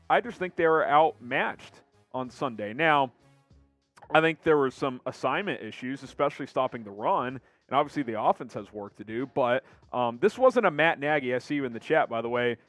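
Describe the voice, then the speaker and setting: A man hosting a live sports show, quickly reading viewer names and comments aloud in an upbeat way. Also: a little high, fairly bright tone, dry recording.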